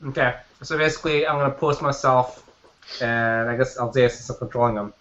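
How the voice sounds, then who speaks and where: A man playing a tabletop game, speaking haltingly with repeated words. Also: medium pitch, steady tone, a bit bright, slight background noise. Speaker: player. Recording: dull lo-fi sound.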